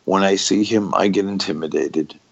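A middle-aged former pro wrestler with a very low, gravelly voice speaks frankly as an interview guest. His talk is raw and profane, halting with frequent broken-off and restarted sentences, in a dull, lo-fi recording.

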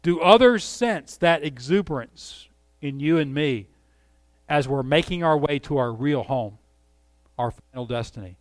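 A man's voice: on the high side, lively intonation, unhurried, no room sound. A middle-aged man preaching a sermon with passion, rising and falling for emphasis and asking his listeners direct questions. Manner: asks the congregation direct questions.

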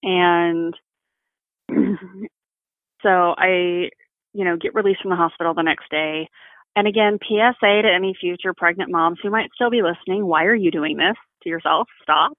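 A woman's voice: lowish voice, moderate pace, no room sound. A woman from the South, talking frankly and bluntly, swearing freely as a guest in a casual chat. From Southern United States. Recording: phone-like narrow sound.

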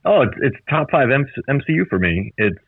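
Male podcast guest, jokey and quick, mid-pitched, phone-quality audio. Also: very animated, husky, dry recording. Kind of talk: casual chat. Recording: tinny phone-like call audio.

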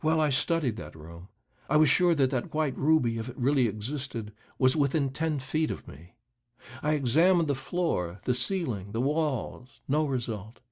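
A man voicing a harassed, despairing male author who speaks in a low tone. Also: big pitch swings, moderate pace, darkish tone. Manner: low, hopeless tone.

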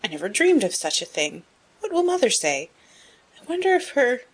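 Spirited, blunt young woman for a storybook audiobook, voiced by a woman; raised, energetic delivery. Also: a little high, husky, pitched above the performer's own voice. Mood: alarmed. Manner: brisk, emphatic, rising to excited outbursts. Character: spirited young woman, frank, headstrong, tomboyish. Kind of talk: audiobook character reading.

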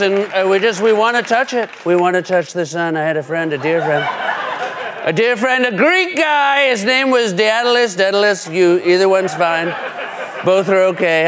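A man's voice: high-pitched, background noise, natural voice. A man impersonating a rambling, boastful older male politician who wanders off into tangents.

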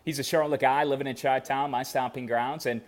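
A young adult man from Chicago, speaking briskly in a mid-range voice, co-hosts a sports podcast. In casual chat he tells stories with lots of energy and animation.

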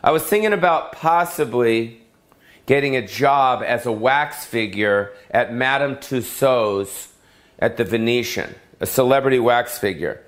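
Casting: a loose, foul-mouthed male comic, rambling rant, mid-pitched. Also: measured pace. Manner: rambling, profane, repetitive. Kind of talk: profane comedic rant. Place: Las Vegas.

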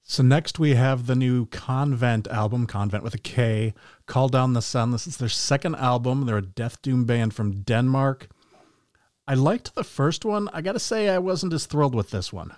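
A man hosting a podcast, briskly introducing each record in casual chat. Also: mid-range voice, a little mellow, dry recording, clean studio sound. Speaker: podcast host.

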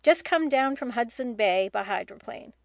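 A hearty middle-aged father who talks in brisk, cheerful bursts, read by a woman in an audiobook. The voice is fairly high and recorded dry and close. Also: lively intonation, vocal fry, no echo. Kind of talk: audiobook reading.

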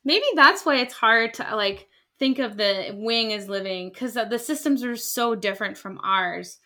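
Bright-voiced animated woman scientist. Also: fairly high pitch, measured pace. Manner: animated, acts out quoted voices. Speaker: scientist guest. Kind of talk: casual conversational explanation.

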